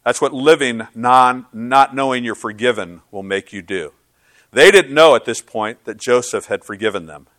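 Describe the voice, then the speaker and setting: A man preaching a sermon as pastor, earnest and swinging from loud to hushed. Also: medium pitch, moderate pace, dry recording.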